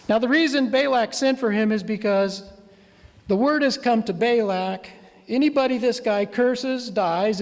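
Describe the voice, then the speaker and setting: A man's voice: high-pitched, a little mellow. A man preaching a sermon as a minister, retelling a story in a conversational, storytelling way. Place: church. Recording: long church reverb.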